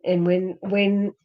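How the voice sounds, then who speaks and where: A woman with an Australian accent, a husky voice and a fading, hoarse throat, gently consoling a viewer in a live-stream psychic reading with many restarts. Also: mid-range voice, highs cut off. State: hoarse, losing her voice. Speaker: psychic medium.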